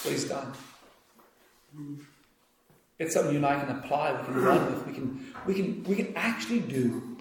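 High-voiced male preacher in an echoey room. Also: moderate pace, pauses often. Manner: swings from hushed, quiet pleading to loud, excited storytelling. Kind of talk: sermon. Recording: very echoey room, faint noise.

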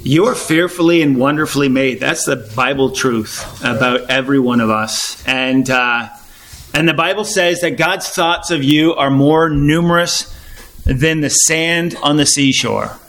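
A man preaching an informal sermon to a small congregation, talking conversationally with restarts and frequent throat clearing. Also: fairly high pitch, unhurried, a bit bright.

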